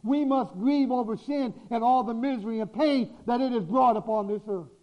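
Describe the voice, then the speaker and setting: A male preacher with a notably high voice delivers a sermon, pressing his points through repetition and slowed, weighty phrasing. The recording is dull and lo-fi. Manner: exhorting, repetitive, slows for emphasis.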